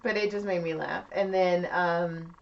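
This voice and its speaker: A middle-aged woman co-hosting a podcast, telling stories in a casual, animated way and swearing freely. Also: lowish voice, measured pace, creaky, a little hiss or hum. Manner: animated, swears freely, acts out quoted voices. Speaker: podcast co-host. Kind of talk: casual storytelling chat. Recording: muffled lo-fi podcast audio.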